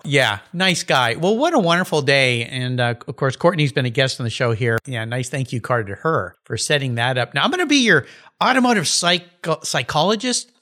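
Male podcast host, mid pitch, chatty and eager. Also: animated, normal speed, a bit bright. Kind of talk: casual interview chat.

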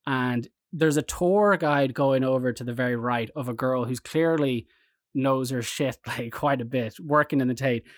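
Irish man, chatty storyteller, rambling anecdotes, dry close sound, mid pitch. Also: moderate pace, no room sound. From Ireland. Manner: rambling anecdotal storyteller, animated quoted voices. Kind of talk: casual chat.

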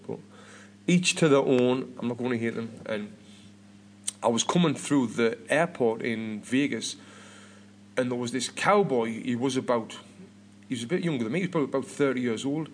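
This thirtysomething British podcast host speaks in a mid-range voice at a moderate pace, rambling casually and often restarting or repeating words. A little hiss or hum sits in the recording.

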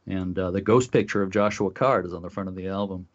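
Low, hesitant male guest, lots of uhs, dull lo-fi sound. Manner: halting, many filler uhs. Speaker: lighthouse group volunteer leader. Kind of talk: casual radio chat. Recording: dull lo-fi recording.

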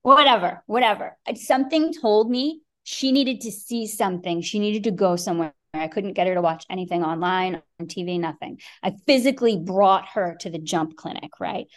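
A middle-aged woman guest on a podcast, telling a story in a lively way, acting out quotes and swearing freely. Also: mid-range voice, moderate pace, few pauses. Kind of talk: animated storytelling.

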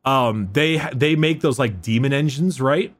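A man co-hosting a podcast, chatting casually and excitedly about fantasy lore, swearing freely and restarting his sentences. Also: mid-range voice, moderate pace. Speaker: podcast co-host.

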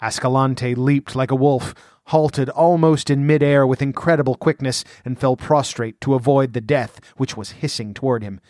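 A man reading an adventure story aloud as a measured, vivid audiobook narrator. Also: medium pitch, fairly even intonation, darkish tone, dry recording, studio quality.

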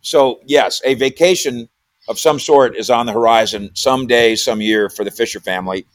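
This sports columnist and podcaster, a regular guest on the radio, speaks at normal speed with a medium-pitched voice. His casual sports talk rambles and repeats words, turning animated when he quotes, and the studio sound is clean with no echo.

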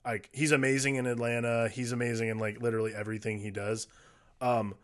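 A man co-hosting a casual movie podcast, talking in a relaxed, rambling way with plenty of fillers. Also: mid-range voice, fast. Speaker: podcast co-host.

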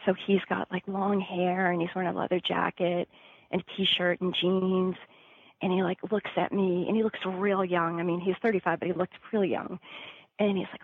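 A woman's voice: lowish voice, flat delivery, normal speed, breathy edge, no echo, phone-quality sound. A woman casually telling a personal story, full of fillers, who acts out the people she quotes. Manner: chatty, many fillers, acts out quoted voices. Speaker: storyteller guest.

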